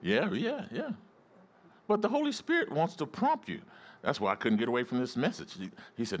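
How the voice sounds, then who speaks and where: Emphatic male preacher with a lively voice. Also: mid-range voice, moderate pace. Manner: emphatic, call-and-response with the congregation. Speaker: pastor. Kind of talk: sermon.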